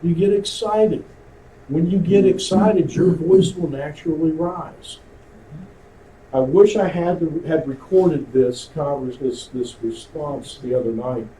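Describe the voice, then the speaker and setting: Heard from a distance in a roomy space with faint hiss, this amateur radio instructor speaks a little slowly in a slightly high, dark-toned voice. He's teaching a radio communications class at a club meeting, chatting with the room and quizzing it as he lectures.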